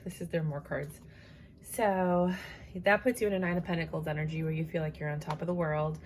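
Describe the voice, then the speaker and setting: A woman's voice: sits low, steady tone, brisk, a little mellow, a little hiss or hum. A woman giving a casual, chatty tarot reading to her viewers, tired and yawning, with many fillers and asides. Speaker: tarot reader.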